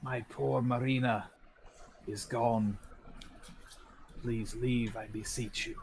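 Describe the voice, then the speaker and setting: A man's voice: medium pitch, steady tone, slow pace, slight background noise. A man putting on a mournful, pleading ghost.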